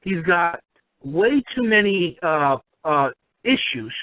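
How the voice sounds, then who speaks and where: A man's voice: fairly high pitch, sing-song, takes it slowly, dry recording. A man delivering an emphatic, rambling opinion monologue, often restarting his sentences. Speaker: commentator. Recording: tinny phone line, dry.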